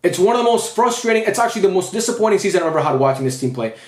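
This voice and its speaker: A man's voice: high voice, animated, very fast, roomy sound. A young man ranting after a football match as a fan vlogger, frustrated and repetitive, swearing often. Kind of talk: post-match rant.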